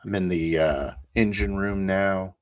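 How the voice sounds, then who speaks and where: A man's voice: low voice, steady tone, measured pace. A man playing a tabletop role-playing game, describing his character's actions in loose, hesitant talk. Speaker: player. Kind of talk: casual tabletop role-play.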